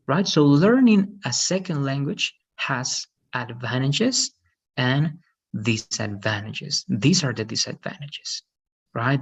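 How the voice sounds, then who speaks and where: A man's voice: medium pitch, slightly rough. A man teaching an online English lesson, patiently explaining and often checking with "right?". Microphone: video call.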